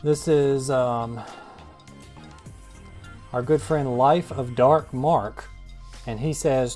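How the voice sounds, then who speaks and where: Dude reading comments on his game channel, dry jokes, kinda rambly, soft music in the back. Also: mid-range voice, steady tone, measured pace. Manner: wry, self-deprecating, rambling. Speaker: gaming channel host. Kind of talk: casual gameplay commentary.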